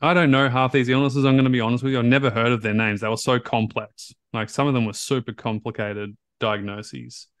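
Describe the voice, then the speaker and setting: A man hosting a podcast, telling a story in a casual, animated way, blunt and full of fillers and restarts. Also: medium pitch, a little fast, few pauses, no echo. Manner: blunt, outspoken. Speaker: podcast host, recovery coach.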